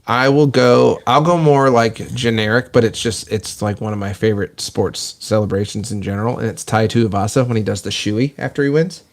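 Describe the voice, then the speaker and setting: A man's voice: fairly low pitch, steady tone, a little fast, few pauses. A man co-hosting a sports podcast, rambling and laughing as he swears casually. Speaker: podcast co-host.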